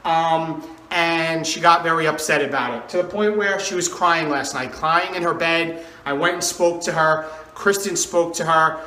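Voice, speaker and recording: Earnest high-voiced man in an echoey room. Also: pushed and bright. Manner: earnest, emphatic, repeats questions for effect. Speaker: fitness coach. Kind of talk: motivational vlog talk.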